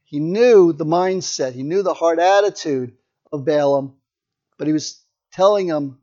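Preacher, male, high voice, chatty storytelling sermon, muffled lo-fi recording. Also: a little slow, dark tone. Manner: storytelling, conversational asides.

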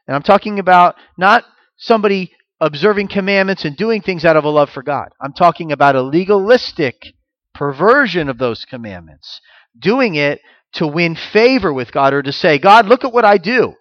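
A man's voice: a little high, no room sound, highs cut off. A man giving a sermon as pastor, teaching through rhetorical questions and repeated phrases.

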